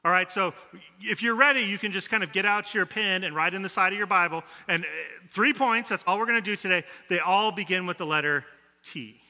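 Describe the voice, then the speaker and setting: A man preaches in a relaxed, storytelling way, slipping in self-deprecating jokes. His voice sits high and rings very bright. The sound carries the long reverb of a church sanctuary. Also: a little fast. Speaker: pastor. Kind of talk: conversational sermon with stories.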